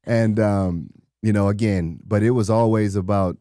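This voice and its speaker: Deep-voiced man telling stories. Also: fairly quick, no echo, studio quality. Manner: animated storyteller, acts out quotes. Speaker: former pro football player, guest. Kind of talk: conversational interview storytelling.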